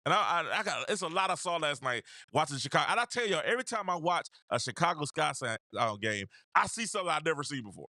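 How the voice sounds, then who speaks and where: Male sports talk host, high and very lively pitch, addresses his audience directly, repeats points. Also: quick pace, few pauses, no room sound, studio quality. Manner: animated, repeats phrases, talks straight to viewers. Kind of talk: casual basketball commentary.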